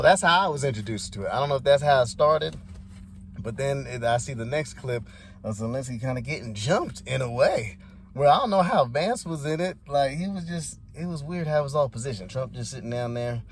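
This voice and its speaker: A man's voice: medium pitch, fairly quick, slight background noise. A man giving rambling, laid-back, slangy commentary as a vlogger. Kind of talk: casual commentary.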